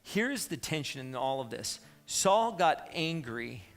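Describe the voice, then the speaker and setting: A man's voice: on the high side, sing-song, slow, in a large hall. A man preaching a sermon as pastor, in an emphatic, conversational way with asides to the congregation. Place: church sanctuary.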